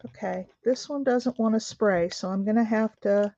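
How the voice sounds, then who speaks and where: Speaking at a moderate pace in a mellow, medium-pitched voice, a woman hosts a craft video. She keeps up a casual chat and poses questions while working, and the lo-fi recording sounds dry and dull.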